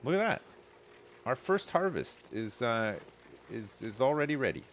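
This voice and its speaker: A man streaming a game live, chatting casually and thinking aloud, with frequent fillers and quick excited reactions. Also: mid-range voice, a little hiss or hum. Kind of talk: casual gameplay commentary.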